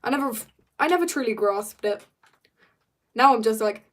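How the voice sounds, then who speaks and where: Teen girl streamer, bit husky n hoarse, rambly and playful, chatting to viewers at her desk mic. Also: on the high side, animated, moderate pace, a bit bright. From South Africa. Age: teens. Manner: rambling, playful, reads out chat and greets viewers. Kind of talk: casual live-stream chat.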